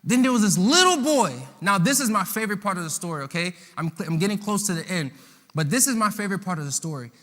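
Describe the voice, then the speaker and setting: A man preaching to a youth audience, telling a Bible story in slangy, animated fashion and acting out the characters. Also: sits high, fast talker, long reverb tail. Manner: animated, slangy, acts out voices of the disciples. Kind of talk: lively storytelling sermon.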